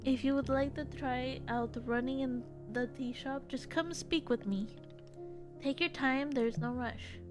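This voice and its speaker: Woman voicing a gentle, patient tea-shop man, soft and unhurried, pitched high. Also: steady tone, over music. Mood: calm. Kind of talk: reading game dialogue aloud.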